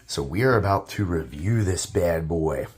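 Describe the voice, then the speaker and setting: A young man in his home kitchen, chatting casually and excitedly as he reviews a meal, rambling and tasting as he goes. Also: deep voice, moderate pace, slight background noise. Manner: upbeat, rambling, talks while eating. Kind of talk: casual vlog chat. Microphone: camera mic, propped-up phone without tripod.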